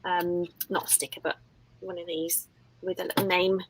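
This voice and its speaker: A woman's voice: lowish voice, level tone, normal speed, breathy edge, rough recording. Chatty woman on a live-stream panel. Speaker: guest on a creator panel. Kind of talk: casual live-stream chat.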